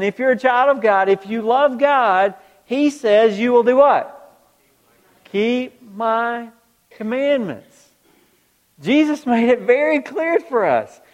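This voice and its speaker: A man with a high voice preaches to his congregation, pausing to fire rhetorical questions back at them. His words ring out with a long reverb that fills the large church hall. He talks like a pastor working the crowd. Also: lo-fi sound. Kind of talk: sermon.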